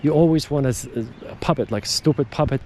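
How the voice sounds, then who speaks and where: A man's voice: mid-range voice, brisk, warm tone, slight background noise. A man hosting a podcast, talking in a casual, digressive monologue that repeats words and restarts sentences. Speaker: podcast host.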